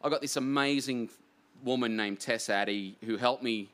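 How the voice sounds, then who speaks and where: Excitable rambling Australian man. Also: medium pitch, moderate pace. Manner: excitable, rambling, self-deprecating. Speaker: author guest. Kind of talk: casual interview chat.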